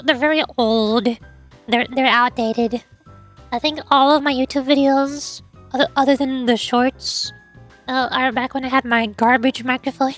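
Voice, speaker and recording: A young woman chats on a stream in a high, light voice. She rambles, giggles often and trips over her words, and faint music plays behind her. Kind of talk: casual stream chat.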